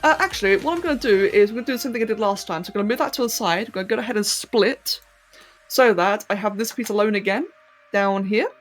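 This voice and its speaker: A woman's voice: medium pitch, quick pace, soft background music. A woman from London with an English accent, chatting casually on a live stream while she works on a 3D model, laughing often and tripping over her words. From London, England. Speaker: streamer and 3D artist.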